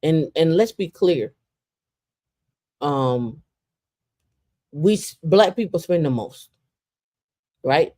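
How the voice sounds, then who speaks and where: Lively, storytelling woman with a lowish voice. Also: extremely slow, long pauses. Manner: animated storyteller, swinging into lively voices for quotes; frequent "like" and repeated restarts. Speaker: podcast co-host. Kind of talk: casual podcast storytelling.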